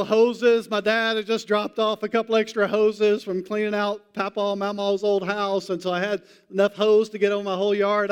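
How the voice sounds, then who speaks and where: Guy preaching a sermon, kinda high voice, smooth, leans hard on the big words. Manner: conversational preaching with emphatic slow stresses. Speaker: pastor.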